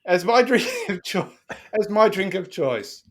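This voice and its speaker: A man's voice: sits high, animated, a little slow. A man co-hosting a casual podcast, reading dictated text aloud and laughing through it. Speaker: podcast co-host. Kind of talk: casual chat.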